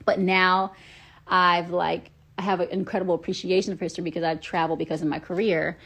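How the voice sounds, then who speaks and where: Her voice is fairly low and level, her pace quick, with background noise behind her. She's a woman from Atlanta, Georgia, casually chatting on a phone livestream, answering fans with many ums and playful accent switches in a chatty manner.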